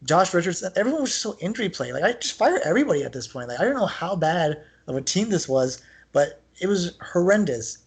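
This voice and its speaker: A man co-hosting a podcast in casual sports chat, talking in an animated, rambling way with lots of filler words. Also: high voice, fast talker, few pauses, husky. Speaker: podcast co-host.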